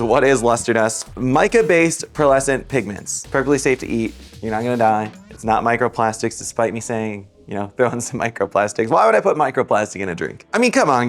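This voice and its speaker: Chatty man hosting a cocktail tutorial. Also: medium pitch. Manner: chatty, upbeat, self-deprecating. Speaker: bartender and host.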